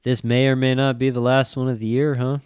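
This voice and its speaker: A man's voice: mid-range voice, brisk, clean tone, no echo, studio quality. A middle-aged man co-hosting a casual chat show, telling a story with lots of swearing and acted-out quotes. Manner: animated storyteller, swears a lot, acts out quotes. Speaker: podcast co-host.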